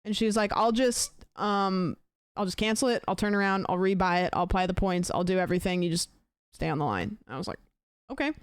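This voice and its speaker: Young woman streamer, rambling anecdote style, clean dry voice, mid pitch. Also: a little fast, smooth, dry recording. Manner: rambling storyteller, acts out both sides of a conversation. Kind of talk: casual chat to stream chat.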